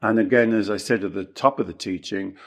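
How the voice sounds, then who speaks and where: A man's voice: steady tone, fairly quick. A man working as a life coach, explaining ideas emphatically in a podcast conversation and repeating key phrases to drive them home. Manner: emphatic, acts out clients' excuses in a higher voice. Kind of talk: teaching talk in a podcast conversation.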